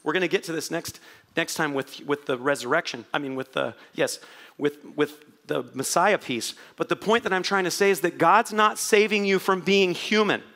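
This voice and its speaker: A man's voice: a little high, moderate pace, pushed and bright. A man preaching a sermon to a congregation, joking and playful, with asides to the crowd. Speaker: pastor.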